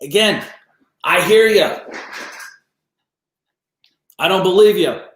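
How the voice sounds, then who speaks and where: A man hosts a business coaching livestream and lays into a commenter bluntly, swearing freely and daring him to prove his claims. His voice sits a bit high for a man. The sound carries a clear room echo. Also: slow pace, a bit bright. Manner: blunt, profane, confrontational. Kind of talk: livestream rant. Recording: roomy echo.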